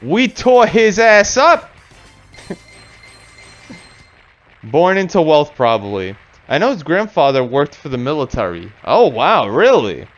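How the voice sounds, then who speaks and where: A man's voice: fairly high pitch, wildly swooping pitch, takes it slowly, pauses often, muffled recording, faint music behind. Slangy, profane young gamer guy. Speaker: gaming channel host. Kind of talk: casual gameplay commentary.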